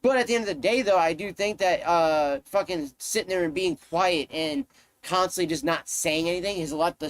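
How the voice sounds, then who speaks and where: A man's voice: fairly high pitch, no room sound. A man live-streaming, ranting to his chat in a heated, profane way, often repeating himself.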